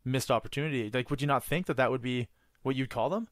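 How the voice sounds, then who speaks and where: A man talking on a podcast, rambling through his stories with plenty of filler words and casual swearing. His voice sits at an average pitch, recorded dry and close with no room sound. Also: quick pace, no echo. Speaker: podcast co-host. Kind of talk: casual chat.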